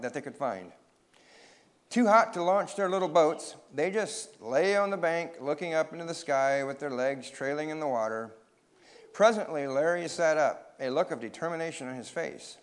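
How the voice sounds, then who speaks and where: A man reading a children's story aloud, expressive and pausing to ask his listeners questions. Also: a little high.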